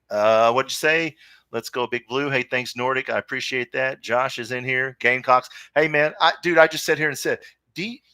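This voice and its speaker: A man's voice: mid-range voice, sharp tone, no echo, studio quality. A man hosting a live sports talk stream, opinionated and rambling, reading viewer comments aloud. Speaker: podcast host.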